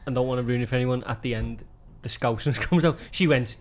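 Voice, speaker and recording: A man co-hosting a casual podcast chat, quick, chatty and laughing often. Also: mid-range voice. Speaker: podcast co-host.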